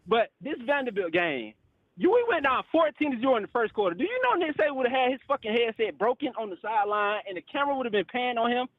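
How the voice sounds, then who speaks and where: A man's voice: very high voice, big pitch swings, fast, no echo, narrow, tinny audio. A male caller on a call-in show, ranting in frustration, swearing and repeating "bro" and "literally.". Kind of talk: heated call-in rant.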